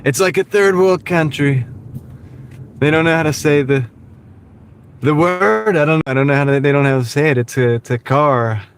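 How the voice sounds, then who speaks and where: A man's voice: on the high side, moderate pace, long pauses, natural voice. A man putting on the voice of a blustering, pompous older male politician who boasts and repeats himself, over the road noise of a moving car. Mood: mocking. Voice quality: boastful, repetitive.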